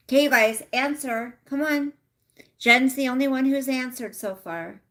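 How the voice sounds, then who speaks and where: A woman's voice: high voice, moderate pace, a bit bright. A middle-aged woman casually chatting with viewers on a livestream, reading out their comments. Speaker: livestream host. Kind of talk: casual live chat with viewers.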